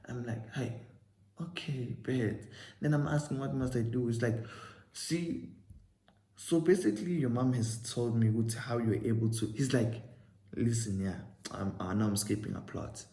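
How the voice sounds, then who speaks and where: Gravelly South African guy telling a story. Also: medium pitch, normal speed, echoey room. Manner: animated storytelling, acting out both sides of a conversation. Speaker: vlogger. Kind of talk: casual storytime.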